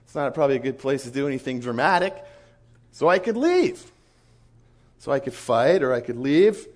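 Guy preaching with stories, lively, mid voice, jumps into other peoples voices. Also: mid-range voice, moderate pace. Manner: animated, acts out quoted voices. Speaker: missionary speaker. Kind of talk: storytelling sermon to a conference crowd.

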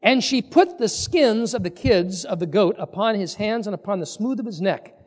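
A man preaching a sermon, reading scripture and explaining it in an animated way, acting out the people he quotes. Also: high-pitched, normal speed, long reverb tail. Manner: animated, acts out quoted speakers with voice changes. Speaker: pastor.

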